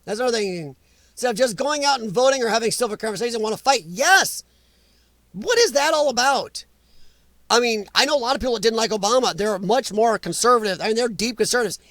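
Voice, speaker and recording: High-voiced man ranting on a stream. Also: lively intonation, fairly quick, a bit bright, dry recording. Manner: opinionated, ranting, blunt. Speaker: live stream host. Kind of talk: casual live-stream chat reading comments.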